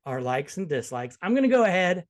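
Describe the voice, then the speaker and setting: A man hosting a casual movie review podcast, joking and talking in quick bursts with restarts. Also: high voice, big pitch swings. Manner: jokey, quick, restarts often. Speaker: podcast host.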